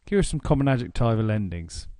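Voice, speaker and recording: A man with an English accent narrating a grammar lesson, explaining slowly and deliberately. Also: medium pitch, sing-song, dark tone, no echo, studio quality. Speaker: language teacher.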